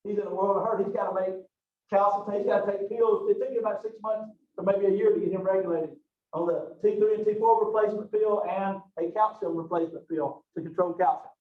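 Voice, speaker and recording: A man's voice: high-pitched, fairly even intonation, brisk. A middle-aged man lecturing a college class in a rambling, folksy way full of asides. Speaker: college anatomy instructor. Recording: distant roomy lecture recording, dull lo-fi sound.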